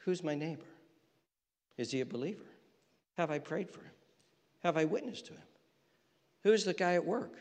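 A man preaching a sermon as pastor, impassioned, repeating phrases and swinging between loud peaks and hushed lines. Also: a little high, lively intonation, moderate pace, long pauses, long reverb tail.

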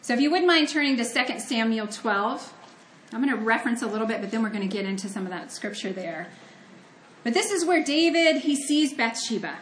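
A woman's voice: fairly high pitch, lively intonation, brisk, slight background noise. Earnest woman preaching in an echoey room. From Ohio. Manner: conversational, earnest, personal storytelling. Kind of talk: sermon with scripture reading.

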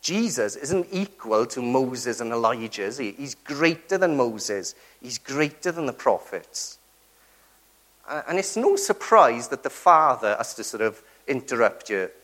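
A man's voice: medium pitch, big pitch swings, unhurried, a bit bright. A man preaching a sermon, earnest and emphatic, who keeps turning to the congregation with rhetorical tag questions.

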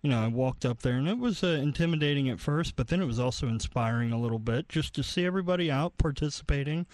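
A man's voice: mid-range voice, animated, quick pace, a little mellow, dry recording, low-quality recording. A man co-hosting a radio talk show, upbeat and enthusiastic in casual chat.

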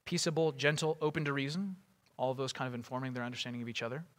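A man's voice: mid-range voice, level tone, rapid-fire, a bit bright. A man preaching a sermon in a casual way, full of fillers and asides.

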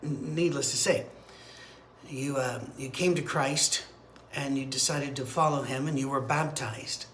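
A man's voice: mid-range voice, steady tone, a little slow, fairly bright tone, a little hiss or hum. A man leading a midweek Bible study, teaching in a conversational, digressive way with fillers and restarts. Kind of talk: informal teaching sermon. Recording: roomy echo, faint ambience.

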